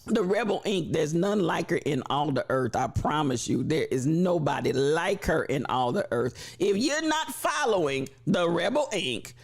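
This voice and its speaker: A man hosts a live stream with a voice that is gravelly and rough from allergies, sitting a little higher than most men's. He greets his viewers in an animated, repetitive cadence, much like a preacher working up a crowd. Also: unhurried, hardly any pauses. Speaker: livestream host.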